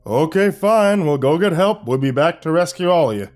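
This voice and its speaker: A man's voice: a little high, lively intonation, normal speed, a little mellow, pitched above the performer's own voice, close to an everyday voice. A man voicing a joking, unflappable young man in a storybook telling, breezy and wisecracking. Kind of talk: storybook voice acting.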